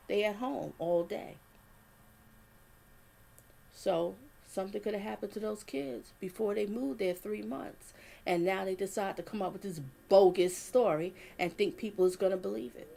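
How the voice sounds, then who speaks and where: A woman with a fairly low, darkish voice and vocal fry gives casual, emphatic commentary on a live stream. She repeats her points and reads viewers' comments out loud.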